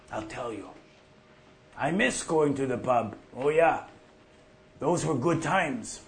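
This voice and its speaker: An actor playing an older farmer off the drink who tells profane, folksy stories. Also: male voice, mid-range voice, animated, takes it slowly, pauses often. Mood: rambling. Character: older male prairie farmer off the drink, gruff storyteller. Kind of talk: monologue.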